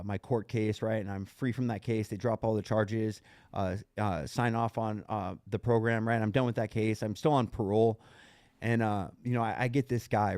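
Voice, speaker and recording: A man's voice: on the low side, darkish tone, no echo, studio quality. A middle-aged man telling his recovery story in casual, rambling talk, full of "like" and "right?". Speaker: podcast guest sharing recovery story.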